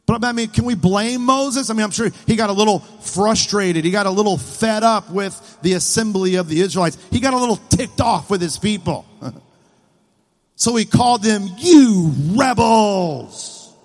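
A male preacher delivers a sermon with playful, animated storytelling and asks his listeners questions. His voice sits high for a man. A long reverb rings around him in the hall. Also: a little fast.

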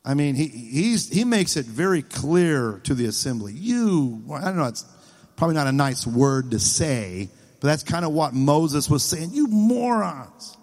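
A man preaching a sermon, retelling scripture in a playful, animated way and quizzing his listeners. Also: mid-range voice, normal speed. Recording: long hall reverb.

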